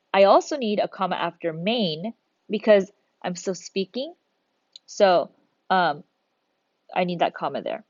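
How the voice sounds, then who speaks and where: A woman's voice: mid-range voice, no echo, muffled recording. Patient teacher woman explaining grammar. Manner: patient, explains step by step, thinks aloud. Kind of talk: recorded grammar lesson.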